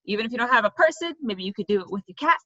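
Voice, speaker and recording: Bright-voiced woman teaching kids. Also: on the high side, expressive, rapid-fire, lo-fi sound. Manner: playful, tripping over tongue twisters. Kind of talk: video lesson for kids.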